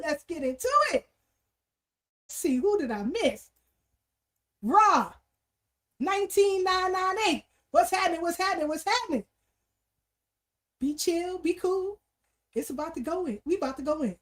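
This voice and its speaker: A woman hosting a casual livestream, energetically greeting viewers and repeating her greetings. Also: high voice. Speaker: livestream host. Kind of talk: casual livestream shout-outs and chat.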